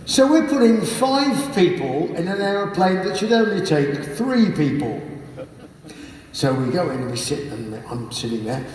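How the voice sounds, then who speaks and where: A man telling an animated, colorful anecdote live on stage at a book evening, swearing casually. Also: sits high, a little slow. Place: large conference hall on stage. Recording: echoey hall, distant mic, faint noise.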